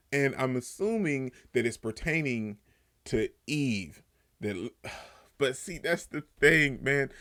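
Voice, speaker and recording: A young man giving a casual video review of a TV episode, talking loosely with slang and getting animated as he retells scenes. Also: medium pitch. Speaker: TV show reviewer.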